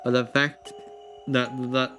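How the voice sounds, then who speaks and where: A male streamer chats his way through a personality quiz, rambling and laughing as he thinks out loud. His voice sits at an ordinary middle pitch. Soft music plays faintly underneath. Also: level tone, slow. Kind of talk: casual live-stream chat, reading quiz questions aloud.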